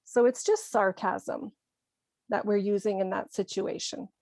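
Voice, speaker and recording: A woman teaching an English lesson, explaining slowly and clearly and acting out short example lines. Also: mid-range voice, fairly even intonation, darkish tone, no room sound, studio quality. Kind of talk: scripted ESL lesson.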